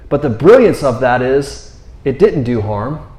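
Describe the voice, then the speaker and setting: A man's voice: medium pitch, big pitch swings, measured pace, a little mellow. A man teaching from the Bible in an earnest, rambling conversational sermon, repeating words and often checking in with his listeners. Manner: earnest, rambling, repeats words, often asks "you know what I mean?". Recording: roomy echo.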